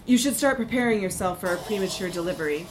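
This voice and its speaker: A woman reading a story, voicing a calm male doctor in a measured, clinical way. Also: mid-range voice, a little hiss or hum, natural voice. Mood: grave.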